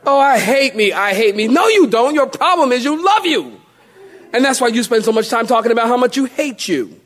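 Male preacher, high and lively, playful mockery, drawn-out emphasis. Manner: animated, mocking self-pity in playful put-on voices. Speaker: pastor. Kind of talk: sermon.

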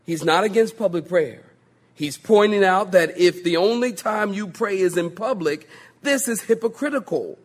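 Animated, husky-voiced pastor. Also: male voice, high voice, moderate pace. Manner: humorous, animated, mimics voices for laughs. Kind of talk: sermon.

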